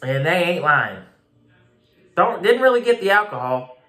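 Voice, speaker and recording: A man's voice: on the high side, sing-song, measured pace, bright, forceful tone. Blunt, emphatic man in an echoey room. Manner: blunt and emphatic, repeats himself, swears casually. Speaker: beer reviewer. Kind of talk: casual video review.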